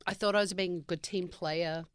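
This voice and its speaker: A woman's voice: fairly low pitch, fairly even intonation, normal speed, no room sound, clean studio sound. A woman guest on a talk show, chatting casually in a wry, teasing way. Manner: wry, teasing, laughs often. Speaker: guest coach. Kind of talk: casual chat.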